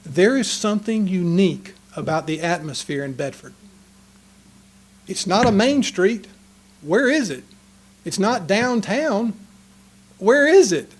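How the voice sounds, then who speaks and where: A man's voice: high voice, expressive, moderate pace. A man giving an earnest, passionate public comment speech at a council meeting. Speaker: citizen speaking at a city council meeting. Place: council chamber.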